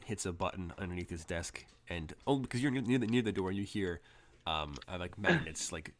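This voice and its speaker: A man's voice: sits low, lively intonation, a little fast, slight background noise. A man narrating as game master, talking loosely with many fillers and restarts. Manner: rambling, full of fillers and restarts.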